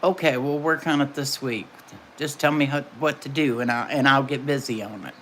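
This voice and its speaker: A woman's voice: rumbling low, moderate pace, a bit bright, slight background noise. An older woman hosting a casual livestream from home, chatting and answering her viewers' comments by name. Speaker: livestream host.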